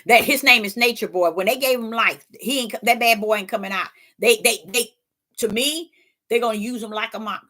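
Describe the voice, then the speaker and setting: A woman's voice: fairly high pitch, a little fast, pushed and bright. A woman with an African American English accent, giving casual preaching commentary in an emphatic, repetitive way with stammered fillers. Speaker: live stream host.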